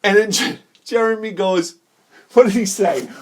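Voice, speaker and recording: A man in his forties with a high, bright voice spins rambling childhood stories in a casual vlog. He gets excitable, laughs often, and jumps into the voices of the people he remembers. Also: unhurried, slightly rough. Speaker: video game collector vlogger. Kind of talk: casual storytelling while showing games.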